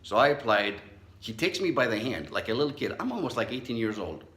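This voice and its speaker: A man's voice: medium pitch, sing-song, a little fast, fairly bright tone, echoey room. A middle-aged man, a psychologist, giving a motivational talk and telling a personal story, acting out the voices he quotes. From Southern California. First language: not English.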